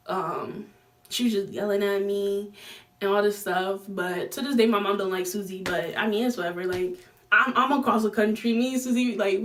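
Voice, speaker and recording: A young adult woman telling a casual storytime, slangy and animated, jumping her pitch to act out what people said. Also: distant mic, a little hiss or hum. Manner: animated, slangy, acts out quoted lines with big pitch jumps. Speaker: vlogger.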